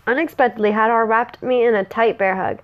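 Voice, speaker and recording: A woman's voice: a little high, fairly even intonation, brisk, lo-fi sound. A woman reading a fantasy story aloud in a casual way, sometimes breaking off to chat. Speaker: story reader.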